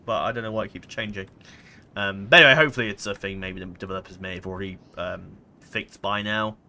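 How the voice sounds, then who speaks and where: A man's voice: fairly low pitch, fast talker, bright, forceful tone. A man giving casual let's-play commentary, rambling and hesitant, full of fillers and self-corrections. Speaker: gameplay commentator.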